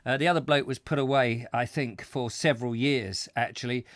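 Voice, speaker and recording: A man's voice: medium pitch, steady tone, normal speed, no echo, studio quality. A middle-aged man, hosting a comedy chat show and spinning whimsical, rambling tangents full of fillers. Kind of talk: comic rambling monologue.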